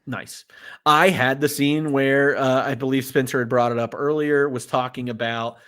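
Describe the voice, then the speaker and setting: A man's voice: medium pitch, moderate pace, smooth. A man co-hosting a podcast, chatting casually about a film, quoting lines and swearing now and then. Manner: animated, quotes lines in put-on voices, swears. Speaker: podcast co-host. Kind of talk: casual film review chat.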